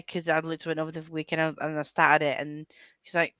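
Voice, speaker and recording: Laughing Yorkshire woman with a bright voice. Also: deep voice, steady tone, clear, resonant tone, dry recording, lo-fi sound. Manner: chatty, laughs often, quick storytelling. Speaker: book friend on a call. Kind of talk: casual chat. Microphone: video call.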